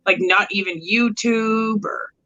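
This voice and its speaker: A tired woman co-hosting a livestream rambles through casual late-night chat packed with "like" and swearing, talking into a phone mic. Her medium-pitched voice is bright and forceful, and she takes her time, though the highs are cut off.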